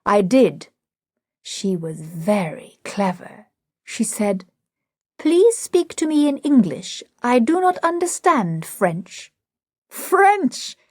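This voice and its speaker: A boastful man, read by a woman, laying down grand, self-assured pronouncements. He talks slowly, in a husky, breathy voice, recorded close and dry. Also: medium pitch, lively intonation, darkish tone, dry recording. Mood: pompous. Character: pompous Hungarian man, boastful self-styled expert. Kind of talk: audiobook drama reading.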